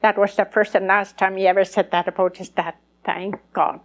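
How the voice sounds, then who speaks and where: Addressing a conference as an elder, an older woman shares her life story with earnest sincerity, voicing remembered dialogue as she goes. Her voice sits at medium pitch with little pitch movement, and she keeps a moderate pace.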